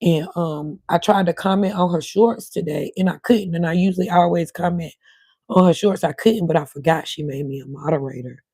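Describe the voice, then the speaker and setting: A middle-aged woman chats loosely with her livestream viewers, wandering from one thing to the next. Her voice is warm and relaxed and keeps cutting in and out. The sound is dry and close. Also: on the low side, brisk, vocal fry, breathy edge, dry recording. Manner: rambling, talks to viewers in chat. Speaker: livestream host. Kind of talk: casual livestream chat.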